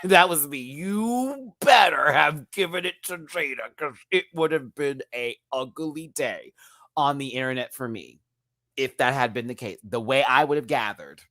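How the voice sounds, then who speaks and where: A man hosting a live review of a reality show, talking in an animated, slangy way. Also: medium pitch, no room sound, clean studio sound. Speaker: show host.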